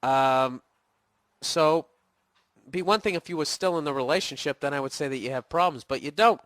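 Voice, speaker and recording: A man's voice: fairly high pitch, fairly bright tone, no echo, studio quality. A man getting over a cold, ranting casually and profanely as a podcast host, blunt and sarcastic. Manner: blunt, swearing, sarcastic asides. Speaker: podcast host answering a listener email. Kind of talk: casual profane comedic rant.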